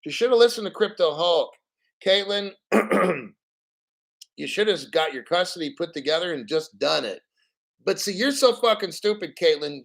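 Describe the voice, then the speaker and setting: A man on a casual livestream, talking about crypto in a loose, profane rant. His voice sits a touch higher than most men's, and he is blunt and mocking, sliding into sneering put-on voices when he quotes people he disagrees with. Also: a bit bright. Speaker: crypto channel host.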